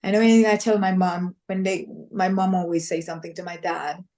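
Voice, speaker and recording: A fast-talking woman with a lowish voice shares her own testimony in conversation. She brings it to life by voicing the people in the story and laughing throughout.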